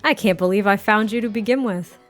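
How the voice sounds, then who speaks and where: A woman voicing a smitten young man gushing over his girlfriend, in a slightly lower, softer voice. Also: a little fast, soft background music, natural voice. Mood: adoring. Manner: adoring, playfully gushing.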